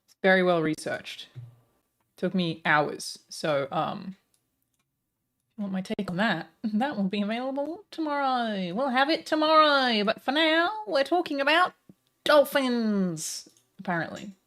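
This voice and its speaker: A woman streamer chatting live with her viewers in a sarcastic, deadpan, profane way. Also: on the high side, unhurried.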